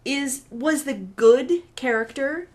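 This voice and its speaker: A woman's voice: high voice, takes it slowly. A woman co-hosting a casual movie review podcast, talking in a chatty, hesitant way with fillers and restarts. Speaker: podcast co-host.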